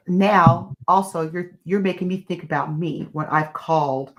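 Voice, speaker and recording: A woman with a low-pitched voice talks as a podcast guest. She tells candid stories in a lively, animated way, keeping the chat casual. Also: a little slow.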